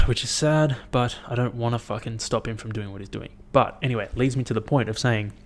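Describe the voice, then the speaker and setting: A young man hosting his own podcast, chatting in a rambling, profane, animated way as he tells stories. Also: medium pitch, quick pace, a little hiss or hum. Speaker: podcast host. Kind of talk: casual solo podcast chat.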